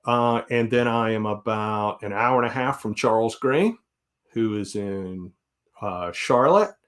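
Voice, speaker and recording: A man's voice: fairly low pitch, animated, unhurried, a bit bright. A man in his forties with a Southern US accent, chatting casually on a live stream in an easygoing, rambling way. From South Carolina, US. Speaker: guest host.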